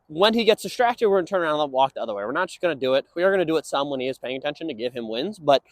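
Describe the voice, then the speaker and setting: A young man training a dog, explaining casually and breaking into high sing-song praise for it. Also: no room sound. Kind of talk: instructional walk-and-talk.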